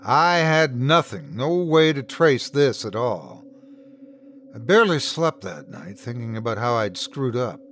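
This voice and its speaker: A man hosting and narrating a scripted horror story in the first person, with lively shifts in tone. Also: mid-range voice, a little slow, a little hiss or hum. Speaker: host and narrator.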